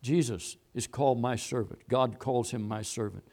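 A man's voice: mid-range voice, fairly even intonation, moderate pace, creaky, darkish tone. A man preaching a sermon, repeating and stressing his points as he quotes scripture. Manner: emphatic, repetitive preaching with Bible quotes.

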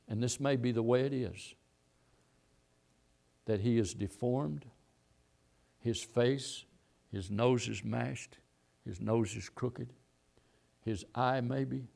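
A man's voice: mid-range voice, takes it slowly, vocal fry, pauses often, dark tone. A man preaching a sermon, repeating and stressing his points as he quotes scripture. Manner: emphatic, repetitive preaching with Bible quotes.

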